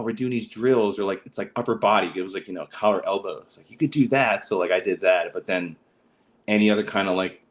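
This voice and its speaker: A low-voiced man hosts a casual livestream, drifting through his anecdotes with constant fillers, stops and restarts. He slips into quick voices for the people in his stories, then falls back to his easygoing chat. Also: poor audio. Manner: rambling storyteller, many fillers and restarts, acts out quotes. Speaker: podcast host.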